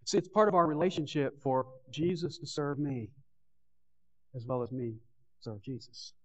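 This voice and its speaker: A pastor giving a Sunday morning sermon, stressing key words and then dropping to a hushed, pleading tone. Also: male voice, fairly high pitch, lively intonation, normal speed. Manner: earnest preaching, swinging between stressed bursts and hushed pleading. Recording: dull lo-fi sermon recording.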